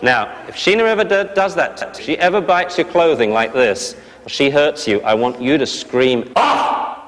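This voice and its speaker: Dog trainer in a reverberant hall. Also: male voice, medium pitch. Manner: brisk coaching, sharp commands to dogs. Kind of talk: dog training class instruction.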